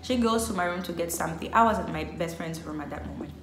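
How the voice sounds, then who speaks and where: A woman's voice: on the low side, fast, a little hiss or hum. Chatty young woman in an echoey room. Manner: chatty, heavy use of filler "like". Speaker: vlogger. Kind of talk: story time vlog.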